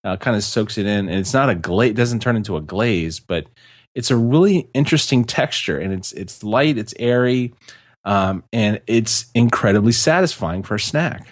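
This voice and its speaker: Guy rambling on a podcast, kinda low voice, super dry close mic, lots of ums and restarts. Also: expressive, normal speed, dry recording. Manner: rambling, many fillers and restarts, laughs easily. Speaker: podcast co-host. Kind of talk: casual podcast chat.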